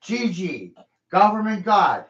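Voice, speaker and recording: A man rants with heated profanity in a loose podcast conversation. His voice sits a little high. The recording is roomy and echoey, with a dull, lo-fi tone. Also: big pitch swings, takes it slowly, fairly bright tone. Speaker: podcast host. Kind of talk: casual podcast rant.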